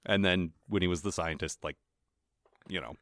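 A man co-hosting a podcast in casual chat, laughing often and slipping into quick character voices. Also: deep voice, dry recording, studio quality. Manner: chatty, laughs often, lively voice impressions. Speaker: podcast co-host.

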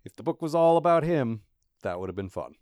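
A man's voice: medium pitch, sing-song, a little fast, a little mellow, clear, resonant tone, no room sound, clean studio sound. A man hosting a podcast, chatting casually about a book in a musing way. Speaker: podcast host. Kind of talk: casual chat.

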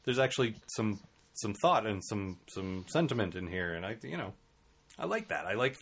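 A man's voice: on the low side, big pitch swings, normal speed, a bit bright, slightly rough. Candid, rambling man in casual chat. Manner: candid, rambling, profane, laughs often. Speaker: podcast co-host.

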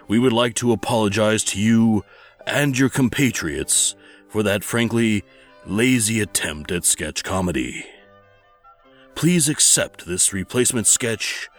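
A man hosting a comedy podcast, reading scripted narration and replies with a dry, mock-formal delivery. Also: lowish voice.

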